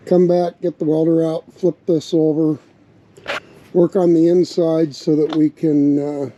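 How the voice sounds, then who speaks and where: Mellow-voiced man vlogging outdoors. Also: on the high side. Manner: relaxed, unhurried, thinking aloud. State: slightly hoarse bark. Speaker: RV vlogger building a truck tank. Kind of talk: casual workshop vlog narration. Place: outdoors at a windy campsite. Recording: dull lo-fi outdoor recording with wind noise.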